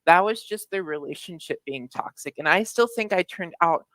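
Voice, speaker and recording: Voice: medium pitch, animated, normal speed, fairly bright tone, dry recording, poor audio. A caller on a podcast, speaking earnestly and hesitantly, full of "um"s. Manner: earnest, hesitant, filler-heavy. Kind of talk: personal testimony.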